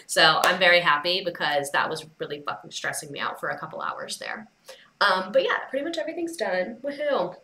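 Bright chatty young woman livestreamer. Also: lowish voice, expressive, fairly quick, echoey room. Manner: chatty storytelling with quoted dialogue. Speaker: livestream host. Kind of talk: casual livestream chat.

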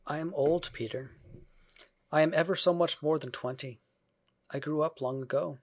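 A male narrator voicing a gentle, wistful grown woman who is a mother, speaking softly and apologetically, with some faltering. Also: a little high, moderate pace, pitched above the performer's own voice. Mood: gentle, sad.

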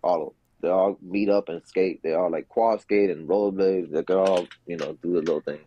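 Low-voiced man telling slangy stories. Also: steady tone, fairly quick, warm tone, lo-fi sound, a little hiss or hum. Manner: profane, slangy, acts out quotes. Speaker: podcast guest, skater. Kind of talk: casual storytelling.

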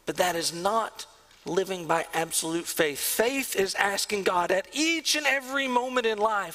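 A man preaching a sermon as the pastor of a church, earnest, sometimes dropping to a hush. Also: sits high, measured pace, poor audio. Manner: earnest preaching, drops to a hush on key lines. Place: church sanctuary.

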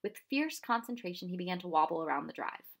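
A woman narrating a children's chapter book in a measured, expressive reading. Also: lowish voice, vocal fry, a little hiss or hum. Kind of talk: storybook narration.

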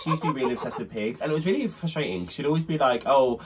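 A man co-hosting a podcast in casual chat, camp and jokey with quick asides. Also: medium pitch, lively intonation, a loud crowd. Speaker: podcast co-host.

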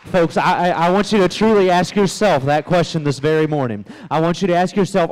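A young man, a visiting gospel singer, exhorting a church congregation in a rapid, urgent way, repeating himself as he presses his point. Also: a little high, a little mellow, smooth. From West Virginia, USA. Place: church service before a congregation.

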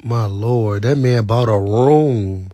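A young man telling a gossipy story on a livestream, dramatic, with sudden high shrieks and whispers. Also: slow, mellow, no room sound. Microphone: phone.

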